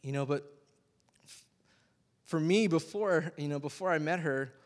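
A man's voice: fairly high pitch, unhurried. A man, a youth pastor giving a casual, rambling sermon full of fillers and laughter. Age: 20s. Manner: rambling, chatty, many fillers, laughs often. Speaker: youth pastor, worship leader. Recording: long hall reverb.

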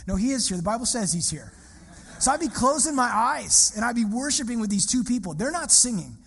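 A man preaching a sermon who tells personal stories in an animated, conversational way and often repeats his phrases. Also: very high-pitched, a little fast, gravelly, husky, big-room sound. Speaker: pastor.

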